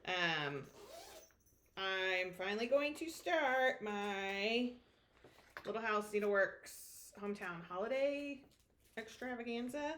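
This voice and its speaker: A woman's voice: medium pitch, lively intonation, slow pace, a bit bright, slight background noise. A woman co-hosting a casual stitching chat, playful and often searching for words. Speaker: flosstube co-host.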